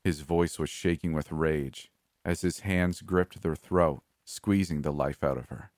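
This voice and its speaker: Male narrator with a low voice and a dry recording, reading a tense story in measured tones. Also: fairly even intonation, darkish tone, no room sound. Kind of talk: scripted first-person story narration.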